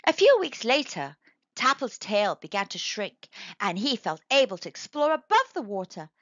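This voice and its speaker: A woman reading a picture book aloud to young children in an expressive storytelling manner. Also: a little high, moderate pace, no room sound. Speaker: storybook reader. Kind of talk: children's read-aloud narration. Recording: dry, slightly dull recording.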